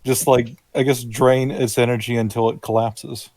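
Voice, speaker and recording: Laid-back guy playing tabletop, dry close sound, thinks out loud. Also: medium pitch, flat delivery, moderate pace, dry recording. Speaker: player. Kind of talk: casual tabletop game chat.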